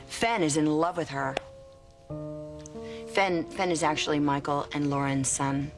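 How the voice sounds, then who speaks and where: A woman's voice: low voice, steady tone, unhurried, music in the background. An actress playing an emotional young mother who coos over her baby daughter in a TV drama. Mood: affectionate. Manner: cooing and tender, emotional. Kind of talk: TV drama acting.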